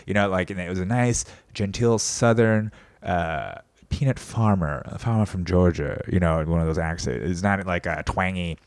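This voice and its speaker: A man's voice: sits low, moderate pace, clean tone, no room sound. A man in his thirties ranting casually and profanely, mocking politicians in put-on voices. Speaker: podcast host. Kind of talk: casual rant.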